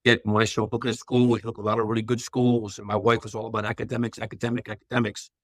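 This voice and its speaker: A man in a casual podcast chat, explaining things in a steady, matter-of-fact way. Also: lowish voice, very fast, no room sound.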